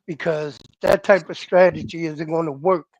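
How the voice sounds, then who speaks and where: Higher-voiced man, lo-fi remote sound. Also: fairly even intonation, no room sound. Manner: loose, halting fight analysis. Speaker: boxing show co-host. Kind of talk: casual panel chat.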